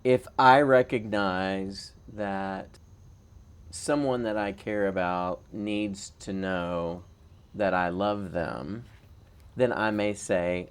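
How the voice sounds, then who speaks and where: Podcast co-host, male, low voice, unhurried and thoughtful delivery. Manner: slow, deliberate, reflective. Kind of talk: casual conversation.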